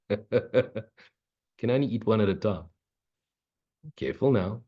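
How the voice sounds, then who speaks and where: A man's voice: mid-range voice, lively intonation, a little slow, long pauses, mellow. A man giving a casual spiritual Q&A talk, blunt, swearing often and joking between his points. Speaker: spiritual teacher. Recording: muffled, lo-fi recording.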